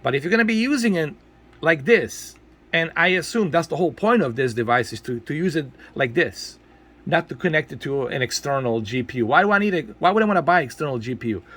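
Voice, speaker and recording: A man's voice: fairly high pitch, lively intonation, brisk, a bit bright. A man scolding his viewers in a ranting video commentary, exasperated and repeating himself for emphasis. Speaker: tech video creator.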